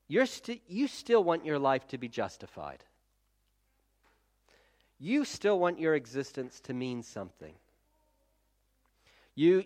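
A man preaching a conversational sermon as a pastor, talking straight to his listeners and often restarting his sentences. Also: medium pitch. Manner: chatty, self-correcting, direct address to listeners.

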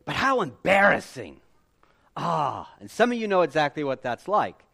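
A man preaching a sermon with animated delivery and emphatic repetition. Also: a little high, moderate pace, gravelly. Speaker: pastor.

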